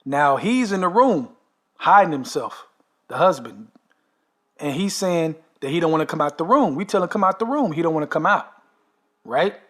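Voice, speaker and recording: A man's voice: on the high side, lively intonation, moderate pace, long pauses, fairly bright tone. A man telling a long story in a casual, emphatic way, often tagging his sentences with "man" and "okay". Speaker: storyteller recounting a dream. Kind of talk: casual monologue.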